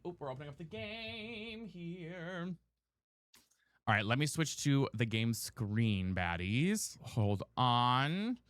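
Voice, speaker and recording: A male streamer chatting casually with his viewers, his voice lively and swinging up and down. The tone is bright and slightly higher than most men's, and he slips easily into exasperated rants. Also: slight background noise. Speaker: live streamer. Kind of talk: casual chat while gaming. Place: room at home.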